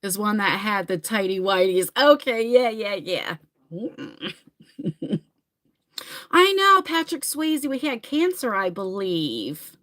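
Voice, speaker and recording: A middle-aged woman with a New Jersey accent hosts a loose, rambling livestream chat. Her pitch swings widely as she jumps between thoughts and viewer comments. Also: sing-song, slow pace, fairly bright tone. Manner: rambling, chatty, reads comments aloud. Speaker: livestream host.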